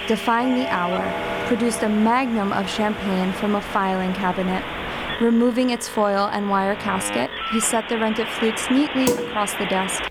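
A woman reading a scripted story in a measured, wry storytelling voice. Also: medium pitch. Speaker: narrator.

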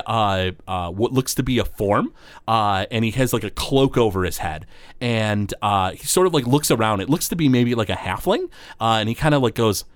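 A man's voice: medium pitch, smooth, no room sound. A man running a tabletop game as game master, narrating with lots of fillers. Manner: rambling, many fillers.

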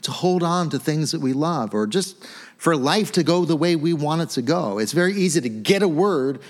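Conversational pastor teaching scripture. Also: male voice, fairly high pitch, normal speed. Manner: conversational, animated, frequent "right?" asides. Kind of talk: sermon teaching.

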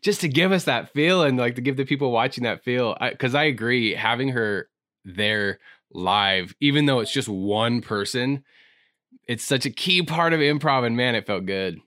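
A man's voice: mid-range voice, animated, moderate pace, fairly bright tone, dry recording, clean studio sound. Chatty, self-teasing male podcast host. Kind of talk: casual chat.

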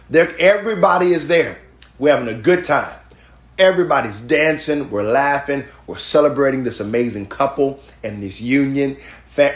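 A man preaching a lively, conversational sermon to his congregation, joking as he goes. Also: mid-range voice, echoey room. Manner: animated, conversational preaching with jokes. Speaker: pastor. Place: church sanctuary.

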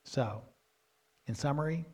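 A man preaching a sermon in a somewhat high voice. He poses questions to his listeners and answers them himself. His stresses grow loud and insistent as he drives each point home. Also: measured pace, breathy edge. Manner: grows loud and emphatic, rising pitch when stressing points.

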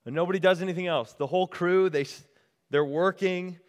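Casual storytelling preacher, echoey hall. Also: male voice, high voice, steady tone, fairly quick. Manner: casual, storytelling, talks directly to the crowd. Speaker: retreat speaker. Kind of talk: sermon. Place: retreat meeting room.

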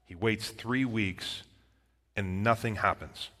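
A man's voice: medium pitch, moderate pace, a bit bright. A man preaching a sermon, earnestly explaining scripture and asking his listeners direct questions. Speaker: pastor. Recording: long hall reverb.

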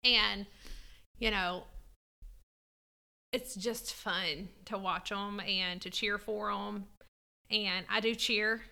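A woman's voice: medium pitch, fairly even intonation, slow, gravelly, pauses often, bright, forceful tone. A woman in casual chat as a podcast co-host, earnest, with a lot of "like" and "you know".

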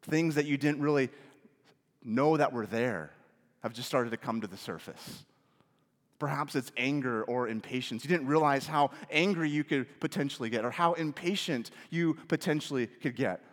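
A man preaching a sermon as pastor, rising to emphatic questions and dropping to soft, hushed phrases. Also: mid-range voice, moderate pace, long reverb tail.

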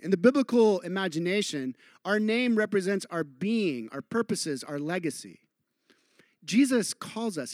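A middle-aged male pastor with a fairly high voice delivers an earnest sermon. He drops to a near hush on key lines and playfully acts out quoted voices. The sound is dry and close, with no room around it. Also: dry recording.

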